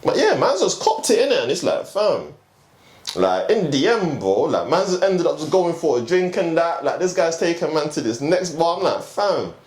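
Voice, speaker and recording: A man's voice: fairly high pitch, normal speed. A young man, a guest DJ telling a story in slangy, casual chat with frequent laughs. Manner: slangy, animated, laughs often. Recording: roomy echo, faint background hum.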